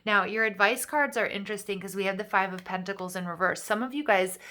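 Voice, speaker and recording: A woman giving a casual, upbeat tarot reading straight to her viewers, encouraging and quick to get excited. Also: medium pitch. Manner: upbeat, encouraging, excitable, fillers like "you know". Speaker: tarot reader.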